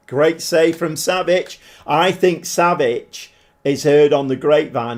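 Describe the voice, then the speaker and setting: A man's voice: on the high side, a little slow. A man casually commentating while live-streaming a football management game and chatting with viewers, swearing mildly along the way. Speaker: game livestreamer.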